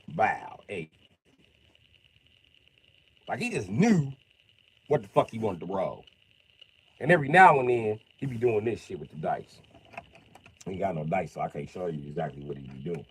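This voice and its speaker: A man on a livestream telling comedic stories in animated, profane street slang. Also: sits low, normal speed, long pauses, slightly rough. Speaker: livestream host. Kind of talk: comedic storytelling.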